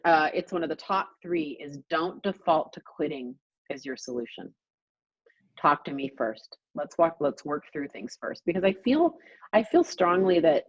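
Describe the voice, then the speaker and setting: Emphatic husky woman coaching on a call. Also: deep voice, no room sound, highs cut off. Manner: emphatic, repeats herself for stress. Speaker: real estate coach. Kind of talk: coaching talk on a group call.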